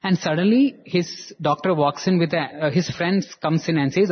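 A man tells a devotional story with lively animation, his voice slightly raised in pitch and husky. The recording is dull and lo-fi. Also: normal speed.

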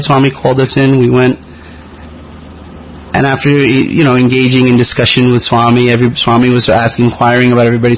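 A man in his thirties giving an earnest personal testimony, telling a story and acting out the dialogue. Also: mid-range voice. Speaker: devotee sharing a personal story. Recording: slightly muffled audio with faint hiss.

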